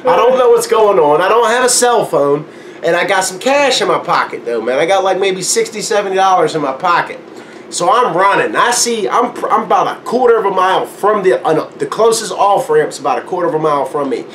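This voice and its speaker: A man's voice: high voice, fairly quick, a little hiss or hum. A man casually telling a long story, acting out the voices in it and laughing often. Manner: animated, acts out quotes, laughs often. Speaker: guest storyteller.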